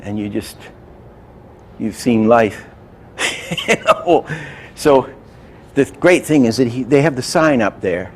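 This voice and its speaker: A man's voice: fairly low pitch, a little hiss or hum. Man teaching animation through anecdotes. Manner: anecdotal, demonstrative, trailing off into quiet asides. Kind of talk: lecture with acted-out examples.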